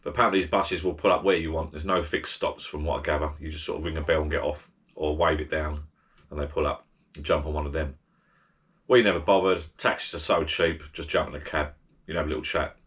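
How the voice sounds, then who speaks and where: Deep-voiced rambling man. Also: fairly even intonation, quick pace, a bit bright. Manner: rambling, chatty, frequent restarts and asides. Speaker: travel vlogger. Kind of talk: casual holiday advice chat.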